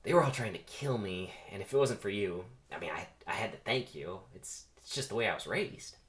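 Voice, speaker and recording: A man's voice: fairly low pitch, animated, fairly quick, a bit bright, roomy sound. A man voicing a nervous, polite young male bee in a comedic script reading. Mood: apologetic. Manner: nervous and rambling.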